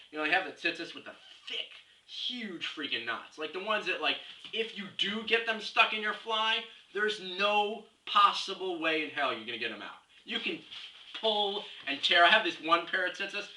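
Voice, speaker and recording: A young man, a comedy video blogger with a bright, forceful, fairly high voice, delivers a scatterbrained comic rant full of mock-serious reasoning, jumping from topic to topic. He's recorded at a distance in a roomy space with faint hiss.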